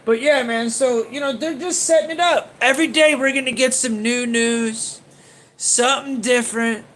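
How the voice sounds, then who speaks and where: A man's voice: very high voice, steady tone, moderate pace, fairly bright tone. A man hosting a casual livestream, rambling and swearing as he reacts to viewer comments and laughs often. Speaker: livestream host.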